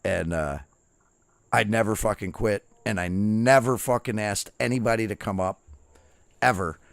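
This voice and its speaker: A man's voice: fairly low pitch, moderate pace, gravelly, no room sound. Profane man telling boot camp stories. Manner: profane, animated anecdotes with quoted dialogue. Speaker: streamer. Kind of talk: casual storytelling while gaming.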